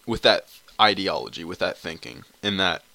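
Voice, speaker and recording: A man's voice: low voice, moderate pace, pushed and bright, no echo. A young man hosting his own podcast alone, talking in a rambling, crude way full of swearing and restarts on a cheap computer mic at home. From Canada. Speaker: podcast host. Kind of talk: casual solo podcast monologue.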